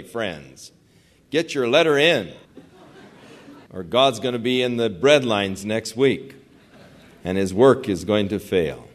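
A man preaching a sermon in a conversational, storytelling way, building up to emphatic passages. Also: on the low side. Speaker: pastor.

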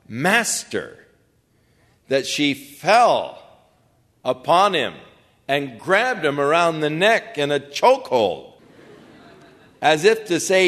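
Older man, pastor, slow deliberate sermon, mid-pitched voice, long hall reverb. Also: a bit bright. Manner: slow, measured preaching with acted-out quotes.

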